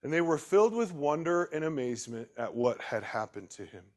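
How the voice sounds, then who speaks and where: A man preaching a sermon, swinging between loud emphatic bursts and quiet, slowed asides, and putting questions straight to his listeners. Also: on the high side, very animated. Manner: talks directly to the listeners with questions.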